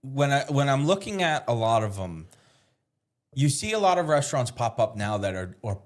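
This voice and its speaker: A man's voice: mid-range voice, big pitch swings, moderate pace. A man, a chef guest in a casual interview, explaining things as he thinks aloud, with small restarts along the way.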